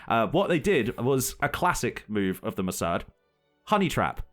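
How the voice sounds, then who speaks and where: A young man co-hosts a loose, casual podcast and talks at an ordinary middle pitch. He tells the story chattily and keeps breaking into laughter along the way. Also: big pitch swings, moderate pace, a bit bright, soft background music. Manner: laughs often while telling the story. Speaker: podcast co-host.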